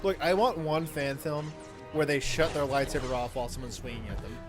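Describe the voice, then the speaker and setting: A man's voice: on the high side, fairly quick, music in the background. A man co-hosting a casual reaction stream, talking in a crude, joking, rambling way over the film they are watching. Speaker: co-host.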